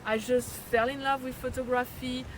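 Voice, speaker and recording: A woman's voice: high voice, little pitch movement, normal speed, background noise. A woman from France with a French accent, a photographer guest chatting eagerly in an interview, recorded outdoors. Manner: enthusiastic, many fillers. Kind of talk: casual interview chat. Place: outdoors at a birding event.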